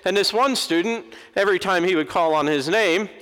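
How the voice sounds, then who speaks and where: A middle-aged preacher delivers a lively sermon, pitched a little higher than most men. He acts out the people he quotes. His voice carries a long reverb from a large church. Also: fairly quick, clear, resonant tone. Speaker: Episcopal preacher.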